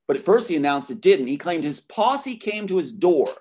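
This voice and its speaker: A man's voice: fairly high pitch, sing-song, moderate pace, darkish tone, husky. A man speaking as an interview guest, angry and emphatic as he makes accusations. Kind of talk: impassioned interview talk.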